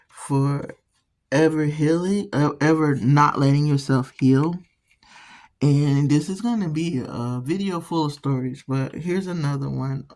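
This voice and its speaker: A woman hosting an art channel, chatting casually while painting and rambling through stories with frequent restarts. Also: very deep voice.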